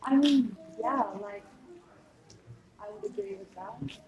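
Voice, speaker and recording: A woman in her twenties answering questions from the audience, hesitant and soft-spoken. Her voice sits a little high, and it echoes around the hall where a microphone picks her up. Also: takes it slowly, slight background noise. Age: 20s. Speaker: audience member. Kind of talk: answering questions at a live talk.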